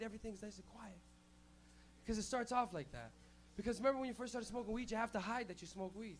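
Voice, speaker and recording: Hosting a comedy night on a small club stage, a young man with a voice that sits high rattles through a rowdy, profane stand-up set at a quick pace, acting out quotes before a live crowd. A little background noise can be heard.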